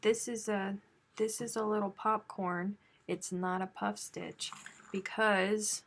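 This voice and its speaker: There's slight background noise behind this woman's mid-range, fairly even voice, and she takes her time. She's running a casual crochet livestream, joking with viewers, reading their comments aloud, and using drawling Southern expressions.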